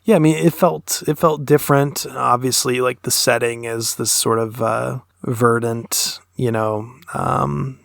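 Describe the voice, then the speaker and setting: A man's voice: mid-range voice, fairly even intonation, unhurried, gravelly, hardly any pauses, fairly bright tone, no echo, studio quality. A man co-hosting a podcast, talking in a thoughtful, analytical way with long, winding sentences. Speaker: podcast co-host. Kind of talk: casual podcast discussion.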